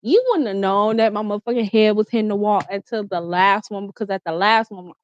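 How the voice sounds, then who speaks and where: A woman's voice: mid-range voice, fairly quick, slight background noise. A woman vlogger in her bedroom telling a personal story in casual, candid, profane speech, full of "like" and restarts. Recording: dry, slightly dull lo-fi sound.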